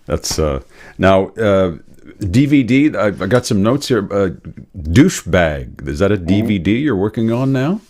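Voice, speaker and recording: Low-voiced rambling male co-host. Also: sing-song, a little slow, a little mellow. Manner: rambling, jokey asides. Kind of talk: casual interview chat.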